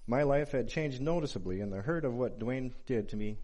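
Measured man in his forties preaching. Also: mid-range voice, animated, mellow. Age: 40s. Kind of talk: sermon with personal story.

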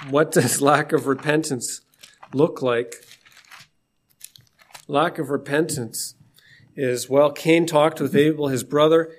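A man preaching an informal sermon in a conversational, emphatic way. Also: on the high side.

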